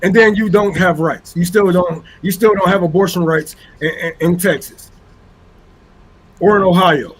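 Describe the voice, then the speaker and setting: Casting: high-voiced man, fiery activist, profane, hammering repetition. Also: fairly even intonation, normal speed, breathy edge, poor audio. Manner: fiery, profane, repeats phrases for emphasis. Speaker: activist panelist. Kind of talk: impassioned political rant.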